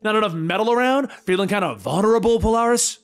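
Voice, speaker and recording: A man voicing a brash, sarcastic male mercenary antihero in a comic book story, with whiny, loud outbursts. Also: high voice, fast, pitched above the performer's own voice. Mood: whiny mocking.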